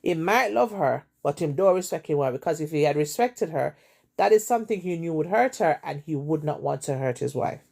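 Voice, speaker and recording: Jamaican woman, gravelly voice, emphatic dramatic storyteller, repeats herself for effect. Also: deep voice, expressive, a little fast, darkish tone. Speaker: storytelling host. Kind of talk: retelling a story in casual chat.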